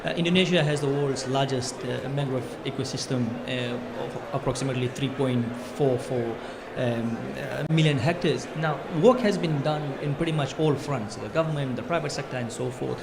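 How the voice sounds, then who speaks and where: A man from Fiji speaks as a panelist, talking fast and eagerly with plenty of ums and uhs. He is recorded in a conference pavilion with clear background noise. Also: medium pitch. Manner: quick, enthusiastic, many fillers.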